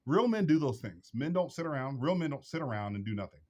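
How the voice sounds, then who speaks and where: Male vlog host, mid-pitched, preachy and repetitive, hammering home blunt advice. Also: very animated, quick pace, a little mellow.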